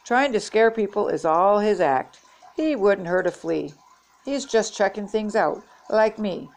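Storybook grown-up woman, firm and lecturing, gravelly tone, read by an older woman. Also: medium pitch, animated, unhurried, a little mellow. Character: bossy grown woman with a pet snake.

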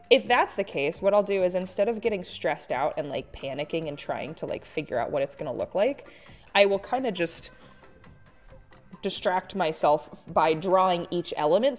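A woman artist chatting casually and poking fun at herself while she draws on a live stream. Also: on the low side. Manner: chatty, self-mocking, with frequent laughs and sighs.

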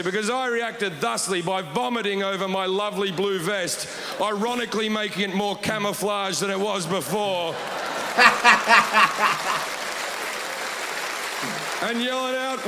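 Deadpan comedian in a big hall. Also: male voice, high voice, moderate pace, vocal fry. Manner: deadpan with sudden shouted outbursts. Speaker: stand-up comedian. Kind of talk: stand-up storytelling on stage. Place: large comedy hall with audience. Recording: reverberant hall, noisy crowd.

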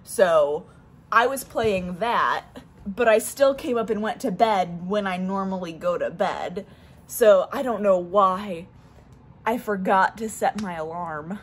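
A woman's voice: medium pitch, slow pace, husky. A young woman talking casually to her camera at home, rambling with lots of fillers. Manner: chatty, rambling, many fillers. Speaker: vlogger. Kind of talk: casual vlog chat. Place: home, on the stairs.

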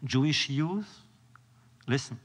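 A man giving a storytelling lecture, measured and solemn with dramatic pauses. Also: medium pitch, expressive, breathy edge. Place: lecture hall. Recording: long reverb of a lecture hall.

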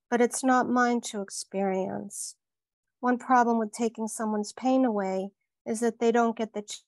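A woman author reading aloud from her novel in a measured, unhurried way. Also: mid-range voice, vocal fry, dry recording.

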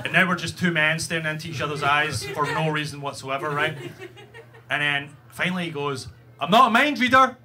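A man with a Scottish accent doing a stand-up set on a comedy club stage, telling stories in a profane, animated way into a stage microphone. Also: fairly high pitch, fairly quick. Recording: live comedy club, loud noise.

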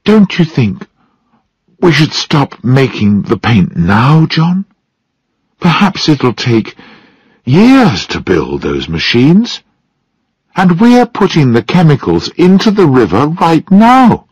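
Alarmed young woman scientist, man doing her, slow and husky, dry sound. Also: medium pitch, wildly swooping pitch, no room sound, muffled recording, pitched above the performer's own voice, heavily acted. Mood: pleading.

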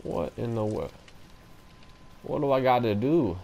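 A young man commenting on a horror game as he plays, excitable and joking as he talks to himself. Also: medium pitch, measured pace, vocal fry, a little hiss or hum. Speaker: let's play gamer. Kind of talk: casual gameplay commentary.

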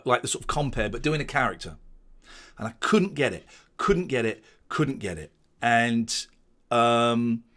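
A man, rambling and restarting as he gives casual commentary on his old show. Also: mid-range voice. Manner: rambling, many restarts and stammers. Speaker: host watching back his old show.

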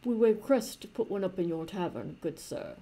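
A woman's voice: mid-range voice, expressive, normal speed, warm tone, natural voice. A woman voicing a dishevelled male palace guard who speaks stiffly and formally, with hesitant fillers. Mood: grave, formal.

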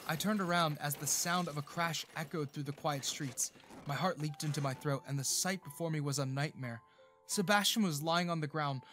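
Emotive male storyteller over soft music. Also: a little high. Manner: emotive dramatic reading. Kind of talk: scripted first-person narration of a romance story.

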